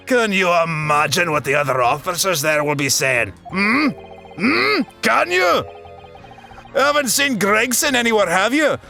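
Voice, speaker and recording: A man's voice: high-pitched, gravelly, sharp tone, pitched below the performer's own voice, exaggerated voice. A man voicing a harried, grumpy male police inspector in a put-on Scottish accent, ranting huffily. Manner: huffy, self-pitying rants. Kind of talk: fan voice acting of a game.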